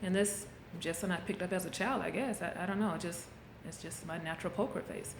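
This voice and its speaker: A woman's voice: fairly low pitch, fast talker, a little hiss or hum. A middle-aged woman talking candidly into a handheld camera, coaching viewers in a casual motivational vlog. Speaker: vlogger. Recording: echoey room, faint background ambience.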